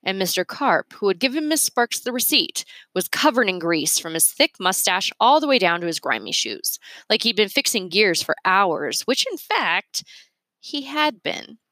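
A woman reading a children's storybook aloud with expressive, animated narration. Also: medium pitch, normal speed, no echo.

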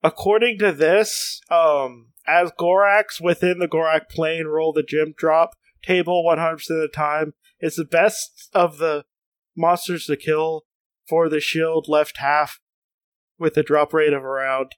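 A man's voice: on the high side, fairly even intonation, unhurried, no room sound. A man co-hosting a casual chat, hesitant with many fillers and restarts.

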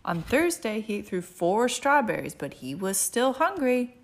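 A woman's voice: on the high side, very animated, a little slow. Sing-song woman reading picture books. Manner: sing-song, playful, drops to a hush for quiet moments. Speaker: parent reading aloud to a toddler. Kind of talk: animated picture-book read-aloud.

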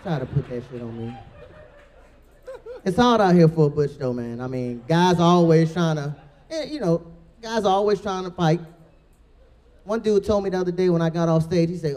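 A woman with a deep voice doing a brash, profane stand-up comedy set. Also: expressive, moderate pace, pauses often, mellow.

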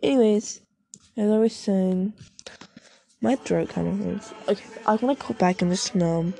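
A woman's voice: medium pitch, normal speed, creaky, warm tone, no room sound. A woman chatting casually as she browses online, rambling, cursing freely and cutting herself off mid-thought. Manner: rambling, profane, self-interrupting, giggly. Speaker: vlogger. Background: faint music playing.

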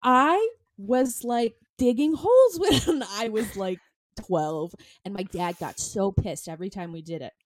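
A woman's voice: mid-range voice, lively intonation, unhurried, a little hiss or hum. A young woman telling childhood stories in casual chat, laughing often and acting out the people she quotes.

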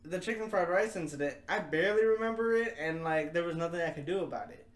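A young man co-hosting a podcast in casual chat, quick to object and defend himself. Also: a little high. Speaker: podcast co-host. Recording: echoey room.

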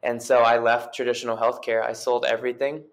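An earnest young man recounts his story as a podcast guest, speaking in a fairly level, unvaried tone. His talk wanders with frequent fillers and restarts, at an ordinary middle pitch. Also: level tone, a little fast, creaky. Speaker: guest chiropractor and coach. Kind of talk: casual storytelling interview.

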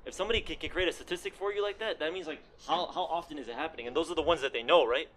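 A man's voice: a little high, rapid-fire, fairly bright tone, a little hiss or hum. A man co-hosting a casual podcast, rambling and swearing, laughing often. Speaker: podcast co-host.

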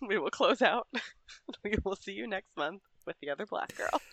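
A woman's voice: medium pitch, expressive, moderate pace, fairly bright tone, dry recording. A woman from Massachusetts hosting a book podcast, upbeat as she wraps up the episode. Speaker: podcast host. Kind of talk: casual chat.

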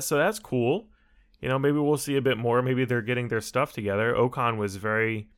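A man with a somewhat low voice talks through a motor race in casual chat. He rambles and stumbles, restarting his sentences and correcting himself as he goes. He is relaxed and unscripted, speaking directly to his viewers. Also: clear, resonant tone. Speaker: solo racing commentator.

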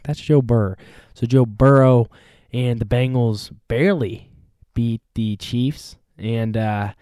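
A young man hosting a casual sports talk show, energetic and rambling, with many fillers and restarts. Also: medium pitch, dry recording, studio quality. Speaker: podcast host.

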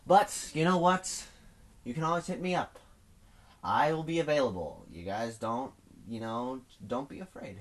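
Rambling teen guy, solo podcast at home. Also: fairly low pitch. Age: teens. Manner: rambling, restless, self-mocking, swings loud and quiet. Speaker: podcast host. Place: at home indoors.

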